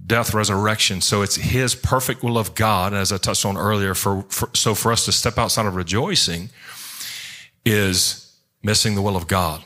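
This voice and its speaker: A male pastor preaching a sermon in church, in an animated, rambling way, acting out quotes as he jumps between points. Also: on the low side, normal speed.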